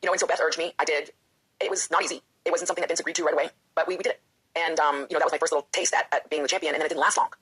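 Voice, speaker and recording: A professional wrestler and author, appearing as a guest, talks quickly in a deep, husky, breathy voice that stays steady and fairly bright. Candid and emotional in this interview, she keeps slipping into an impression of the doubting voice inside her head.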